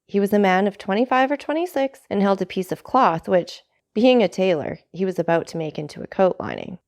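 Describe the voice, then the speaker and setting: A woman narrating a classic novel aloud in a measured, steady way. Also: lowish voice, creaky. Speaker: audiobook narrator.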